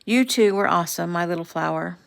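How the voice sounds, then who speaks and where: A woman voicing a protective middle-aged father who speaks in a warm, teasing, fatherly way, in a read-aloud novel. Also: lowish voice, brisk, vocal fry, smooth.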